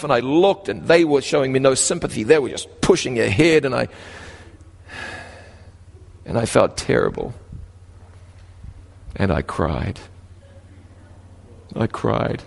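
A man with a New Zealand accent preaches through a personal story, his voice rising and falling as he slows down to stress key words. His pitch sits in the middle range. The sound carries a long reverb tail, as in a large hall. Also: gravelly. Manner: animated, rises and drops sharply in pitch, slows for emphasis. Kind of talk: storytelling sermon.

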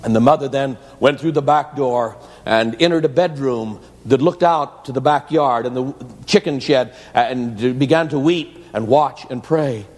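A man's voice: medium pitch, unhurried, hardly any pauses. A man preacher telling a story in an earnest, dramatic sermon that flows into prayer, in an echoey church hall.

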